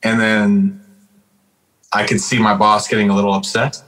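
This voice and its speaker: A man's voice: lowish voice, moderate pace, fairly bright tone, rough recording. A man from Calgary co-hosting a casual hip-hop podcast, rambling through stories with lots of "like" and "dude". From Calgary, Canada. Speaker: podcast co-host and rapper. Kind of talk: casual chat.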